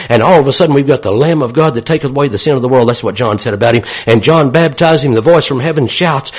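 A man's voice: medium pitch, quick pace, few pauses, husky. A man preaching a sermon in a folksy, plain-spoken way, often asking his listeners questions.

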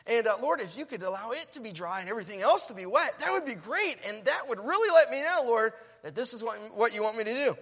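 A man's voice: very high-pitched, expressive, fast, few pauses, a bit bright, breathy edge, long reverb tail, heavily acted. A man voicing the Bible figure Gideon as a nervous, pleading young man asking God for a sign, inside a sermon. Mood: nervous whining. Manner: whining, anxious.

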